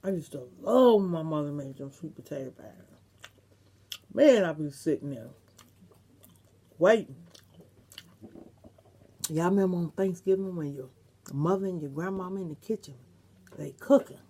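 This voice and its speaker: A woman's voice: lowish voice, normal speed, pauses often, mellow. A middle-aged woman vlogger, chatting casually and reminiscing to her viewers, with some salty language. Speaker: mukbang vlogger.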